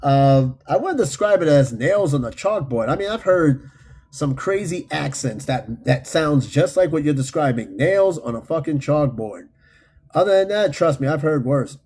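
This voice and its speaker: A man hosting a podcast, chatting casually and reading out listener comments in a loose, profane, animated way. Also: on the high side, moderate pace, slightly rough. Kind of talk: casual unscripted chat.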